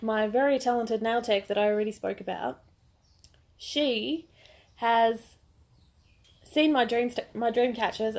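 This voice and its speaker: A woman's voice: on the high side, darkish tone. Chatty Australian woman, a bit under the weather. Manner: chatty and gushing, with restarts. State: a bit sick, voice not projecting. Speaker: crochet vlogger. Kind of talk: casual vlog chat.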